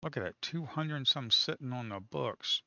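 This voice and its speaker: A man's voice: medium pitch, expressive, normal speed, gravelly, pushed and bright, dry recording, muffled recording. A man commenting casually on live trading, talking to viewers as folks, swearing and teasing the market. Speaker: day trader streaming live.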